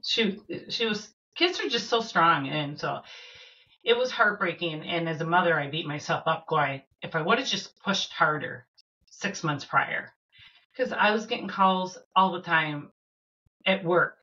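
A middle-aged woman from Minnesota telling a personal story as a podcast guest, earnest and halting with fillers and restarts. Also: on the low side, expressive, sharp tone, highs cut off.

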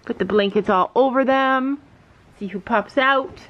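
A middle-aged woman chatting casually in a vlog, mother and horse owner, switching to a high baby voice for her pets. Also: a little slow, dull audio. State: out of breath.

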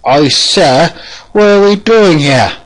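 A man voicing a high, whiny male underling soldier who keeps anxiously questioning his commander. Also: animated, slow, low-quality recording.

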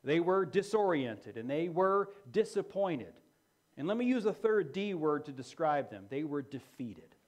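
A man's voice: fairly high pitch, sing-song, unhurried, a little mellow, dull audio. A man preaching a sermon as pastor, emphatic and repeating key phrases for effect.

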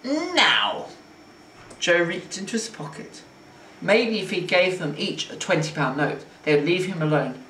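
A man reads a children's book aloud with expressive, playful narration, like a teacher at story time. The recording is roomy and distant, and a faint hiss runs underneath. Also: high-pitched, moderate pace.

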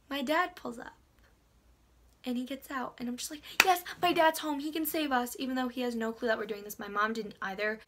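A teenage girl telling a story in a casual vlog, breathless and excitable, sometimes dropping to a whisper. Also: fairly high pitch. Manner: breathless storytelling, drops to whispers at tense moments. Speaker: vlogger.

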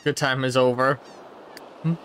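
A man's voice: medium pitch, level tone, unhurried, fairly bright tone, a little hiss or hum. A man giving casual, playful commentary over a video game, muttering to himself and now and then putting on silly voices. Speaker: gameplay streamer. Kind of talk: casual let's-play commentary.

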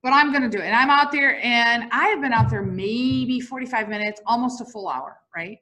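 Bright, high-voiced bouncy woman teacher. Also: fairly quick. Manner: lively, bouncy, quizzes the audience. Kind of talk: classroom lecture with storytelling. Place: classroom before students.

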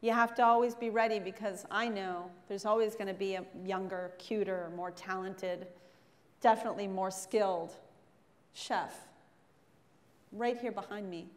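A woman's voice: mid-range voice, steady tone, moderate pace. A middle-aged woman, a chef giving a frank, joking guest lecture to students in a large hall. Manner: joking, frank, self-mocking asides. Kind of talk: candid motivational talk to students. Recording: long hall reverb.

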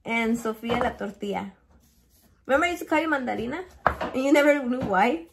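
In her home kitchen, a young woman films a casual cooking vlog, her fairly high voice animated and brisk. The home cook is playful, swears a lot, and mixes Spanish words into her English. Chopping and clicking sounds come through clearly.

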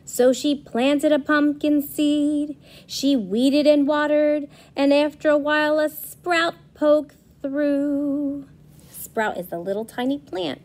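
A woman reading a picture book aloud to young children as a preschool teacher, asking them questions as she goes. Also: sits high. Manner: slow, lively storytelling, asking children questions.

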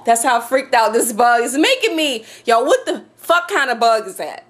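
A woman vlogs casually to camera from her home office, swearing, laughing nervously and shrieking in fear. Her fairly high, fairly bright voice swings widely in pitch at a normal speed with hardly any pauses.

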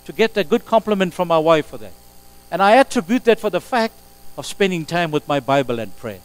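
A male pastor delivering a sermon in a church sanctuary, captured on a live stream. His voice sits a little high for a man, and he preaches emphatically, swinging from loud exclamations to quiet asides. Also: animated, a little fast, low-quality recording. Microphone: live stream recording.

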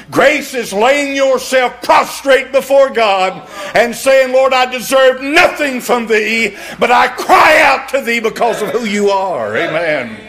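A man preaching a fiery sermon, reading scripture softly and then shouting, repeating words for emphasis. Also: high-pitched. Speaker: pastor.

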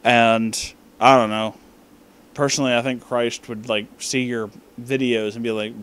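A drunk man hosting a comedic movie review, ranting with heavy profanity and loud outbursts. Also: medium pitch, moderate pace.

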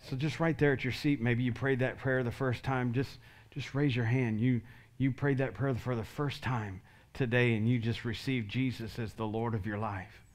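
A man's voice: mid-range voice, fairly even intonation, moderate pace. A male pastor giving an earnest sermon altar call, leading the congregation in prayer line by line. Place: church sanctuary.

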